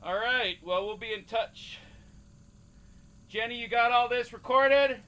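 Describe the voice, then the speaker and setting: An actor playing a tired male casting director running auditions in a flat, businesslike way. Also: very high-pitched, a little slow, smooth, exaggerated voice. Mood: bored.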